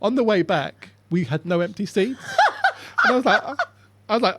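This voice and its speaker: A man's voice: sits high, brisk, very noisy. A man, a comedian, telling funny stories in a casual chat and jumping into voices for the punchlines. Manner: animated, jumps into voices for punchlines. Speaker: comedian guest. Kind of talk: casual chat, comic storytelling.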